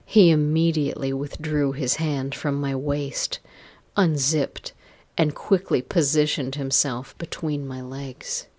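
A woman narrates a first-person story in a soft, intimate voice. She reads at an unhurried, slow pace and keeps her voice pitched low. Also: fairly even intonation.

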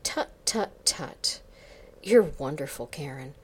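A woman's voice: deep voice, expressive, slight background noise. A woman reading a smug, domineering boss. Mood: smug, taunting. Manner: slow, taunting, commanding. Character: arrogant domineering male boss, smug and cold.

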